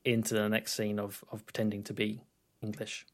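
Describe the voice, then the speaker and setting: A man's voice: on the low side, monotone, normal speed. A man co-hosting a podcast, talking about a film in a laid-back, hesitant way with frequent restarts and laughs. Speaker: podcast co-host. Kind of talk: casual film review chat.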